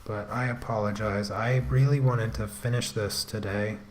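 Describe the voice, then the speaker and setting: A man, the artist and host of his channel, giving relaxed running commentary while he draws. He rambles to himself, trips over restarts and drops self-deprecating asides, as if at his desk at home. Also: lowish voice, normal speed, slight background noise. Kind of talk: casual running commentary while drawing on a livestream.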